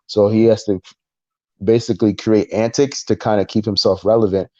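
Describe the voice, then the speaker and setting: A man co-hosting a casual podcast chat, recounting a story in an animated way and acting out the voices of the people in it. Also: on the low side, brisk, no echo, muffled recording. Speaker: podcast co-host.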